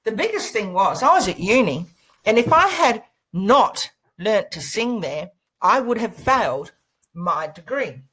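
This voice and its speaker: Lively woman telling a story, then coaching. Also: medium pitch, measured pace, rough recording. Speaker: course presenter. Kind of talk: storytelling lesson to camera. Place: indoors, seated at a laptop. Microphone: laptop microphone.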